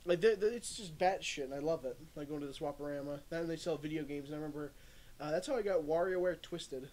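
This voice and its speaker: A man's voice: fairly high pitch, fast, a little mellow. A young man streaming and chatting casually, rambling through stories, swearing and laughing often. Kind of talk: casual chat. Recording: faint background noise.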